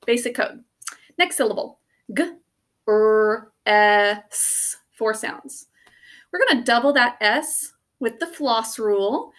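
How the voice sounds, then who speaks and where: A woman teaching spelling, walking her students through each word sound by sound. She talks slowly and patiently, with a slightly high voice. She stops to spell words out letter by letter. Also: lively intonation, fairly bright tone. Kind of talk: spelling lesson.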